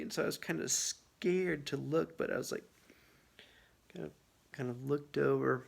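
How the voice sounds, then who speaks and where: A man telling a funny personal story in a casual, animated way, with lots of filler words. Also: fairly high pitch, normal speed, gravelly, pauses often, slightly rough.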